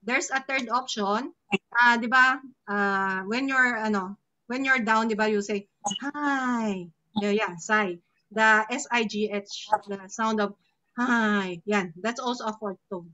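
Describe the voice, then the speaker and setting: Filipino woman teacher, lively and demonstrative, bright tone, lo-fi call sound. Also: a little high, unhurried. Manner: lively, mixes English and Tagalog, demonstrates tones. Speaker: Mandarin teacher. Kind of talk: live online class.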